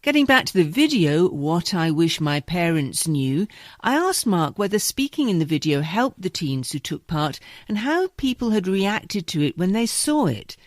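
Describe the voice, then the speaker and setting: A woman's voice: lowish voice, very animated, normal speed, no echo, clean studio sound. A woman hosting a podcast, introducing a segment in scripted narration. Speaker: podcast host.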